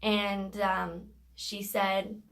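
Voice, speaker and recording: A woman's voice: mid-range voice, little pitch movement, drawn-out words, gravelly, a bit bright. A woman telling a story from work in a casual vlog, in a matter-of-fact way with plenty of fillers.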